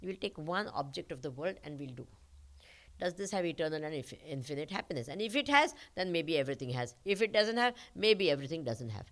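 A spiritual teacher with an Indian accent giving a talk to a live audience, asking rhetorical questions and pausing for the answers. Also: female voice, deep voice, sing-song. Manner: questioning, rhetorical, uses call-and-response.

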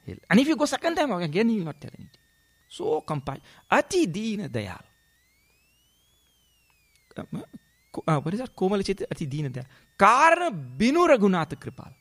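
A man giving a scripture discourse as a spiritual teacher, animated, with questioning tags and chanted verse. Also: sits high, normal speed, long pauses.

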